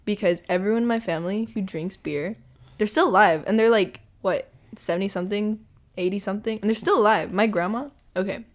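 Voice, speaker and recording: A woman guesting on a podcast, joking playfully and swearing casually in relaxed chat. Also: mid-range voice, brisk.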